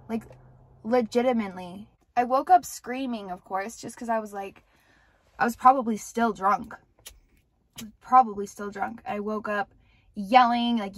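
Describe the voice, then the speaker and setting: A woman's voice: on the high side, fairly even intonation, a little slow, long pauses. A young woman candidly rambling through a personal storytime, with lots of filler words and cursing. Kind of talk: casual storytime monologue.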